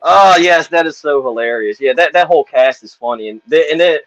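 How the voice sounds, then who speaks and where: A man's voice: fairly high pitch, animated, fairly quick, fairly bright tone, no room sound. A man interviewing a guest in casual chat, rambling with lots of "you know" fillers. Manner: rambling, fills with "you know what I mean". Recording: dull dry lo-fi audio.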